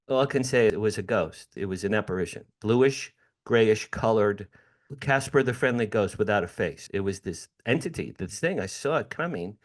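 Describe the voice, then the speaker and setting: A middle-aged man, a guest in an interview, telling a personal story with animated, dramatic delivery. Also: medium pitch.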